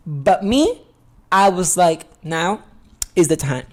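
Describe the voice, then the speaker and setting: A young adult woman hosts her own podcast, speaking slowly in a voice on the low side. Her candid, expressive confessional chat includes free swearing, and she calls listeners honey.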